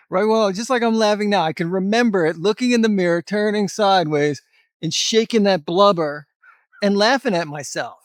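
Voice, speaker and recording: A man's voice: high-pitched, normal speed, no room sound, studio quality. A middle-aged man giving a blunt, emphatic motivational talk to camera as a fitness vlogger, with some mild cursing.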